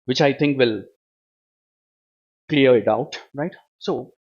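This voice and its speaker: A man's voice: medium pitch, slow, breathy edge, muffled recording. A man teaching a live online grammar class, who keeps asking questions, answering them himself and adding "right, ma?". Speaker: English teacher.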